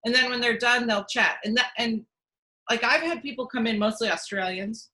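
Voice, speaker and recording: Bright-voiced chatty woman. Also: a little high, moderate pace, poor audio. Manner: chatty, with many restarts and fillers. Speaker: casting director. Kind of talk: casual interview answers. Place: at home.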